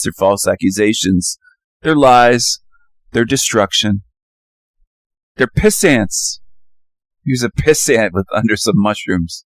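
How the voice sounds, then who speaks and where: A man's voice: mid-range voice, dry recording. A man talking casually as he shows images, ranting and repeating himself in sudden emphatic bursts. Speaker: channel host. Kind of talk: casual monologue over images.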